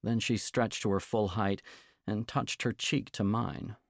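Low gravelly male audiobook narrator. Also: fairly even intonation, unhurried, no room sound, studio quality. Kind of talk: first-person novel narration.

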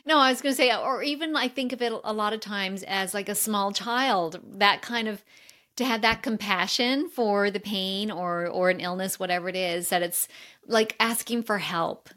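Woman, mindset coach, interview guest, earnest, explanatory, mid pitch. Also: moderate pace, bright, forceful tone. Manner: earnest and explanatory, with fillers like "right?". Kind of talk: casual conversational interview.

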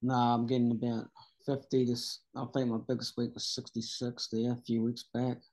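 Brief: laid-back bloke, flat monotone, quiet and offhand. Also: male voice, mid-range voice, fairly quick. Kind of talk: casual chat.

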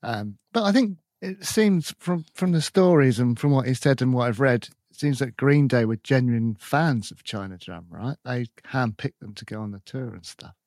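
A man's voice: mid-range voice, normal speed, hardly any pauses, darkish tone, no echo. Chatty guy hosting a podcast, mid voice, enthusiastic, dry mic. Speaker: podcast host. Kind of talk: casual chat.

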